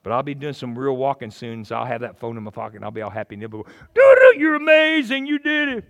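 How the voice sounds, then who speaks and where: A middle-aged male pastor preaching a sermon in an animated, joking way, acting out little voices. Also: mid-range voice, very fast, creaky. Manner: animated, jokey, acts out voices.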